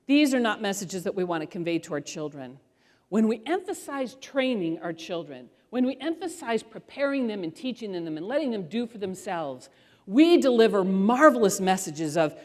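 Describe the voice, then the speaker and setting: Middle-aged lady giving a parenting talk, animated storyteller, pitch jumping all over, big echoey hall. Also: moderate pace. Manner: animated storyteller who acts out voices. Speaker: parenting author and speaker. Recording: long hall reverb.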